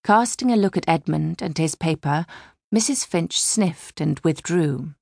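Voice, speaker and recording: A woman reads a classic detective novel aloud in a measured storytelling manner. Her voice is husky with a gravelly edge. The studio sound is dry and close. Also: low voice, animated, darkish tone, no room sound. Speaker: audiobook narrator. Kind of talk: scripted narration.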